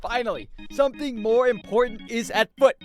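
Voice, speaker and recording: A man voicing a booming male game show announcer with loud, showy, drawn-out delivery. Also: soft background music. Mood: grandiose.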